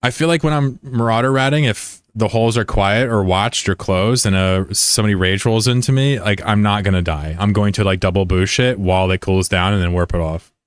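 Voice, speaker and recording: A man's voice: on the low side, a little fast, clear, resonant tone, no echo, clean studio sound. A man streaming a game and chatting casually with his viewers, rambling and joking at his own expense. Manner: rambling and digressive, with many restarts; joking, self-deprecating.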